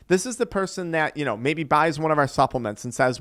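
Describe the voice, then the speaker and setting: A man's voice: a little high, expressive, brisk, hardly any pauses, a bit bright, dry recording, studio quality. Earnest man coaching on recovery. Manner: earnest, explanatory, acts out quoted voices. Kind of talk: motivational talk to camera.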